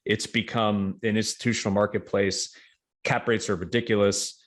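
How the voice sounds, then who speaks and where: A middle-aged man from New York, a guest in an interview, talking in a measured, confident way with many fillers and restarts. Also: lowish voice, fairly even intonation. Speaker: real estate investment guest. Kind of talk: casual interview talk.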